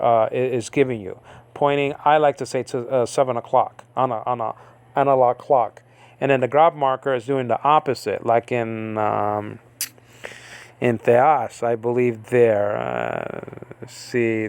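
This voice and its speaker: A man's voice: mid-range voice, gravelly, no room sound. A man giving an informal Bible-study lecture, rambling with many fillers and frequent checks of "okay?" with his listeners. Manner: rambling, filler-heavy, keeps asking "okay?". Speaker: Bible teacher.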